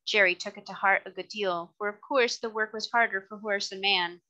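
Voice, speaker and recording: A woman tutor reading a classic novel aloud with clear, measured delivery. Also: mid-range voice, fairly even intonation, bright, forceful tone, muffled recording.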